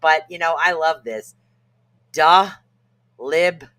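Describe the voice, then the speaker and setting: Jokey podcast co-host with a bright voice. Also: medium pitch, expressive, measured pace. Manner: jokey, laughs at own stumbles over words. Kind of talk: casual self-help talk.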